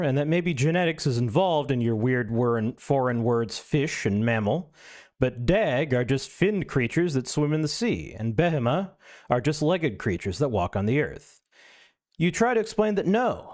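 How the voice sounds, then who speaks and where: A man's voice: mid-range voice, lively intonation, moderate pace, darkish tone. Wry man reading an essay aloud. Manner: wry, self-mocking asides. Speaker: streamer.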